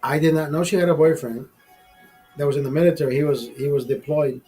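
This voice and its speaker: A man's voice: on the high side, steady tone, quick pace, mellow, husky, faint music behind, poor audio. A man hosting a live stream, telling a personal story in a rambling, profane way full of fillers and restarts. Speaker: show host telling a story. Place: studio.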